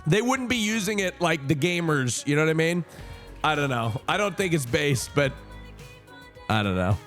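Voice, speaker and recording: A young man streaming, telling a rambling casual story with sudden high joking outbursts. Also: expressive, moderate pace, fairly bright tone, faint music behind.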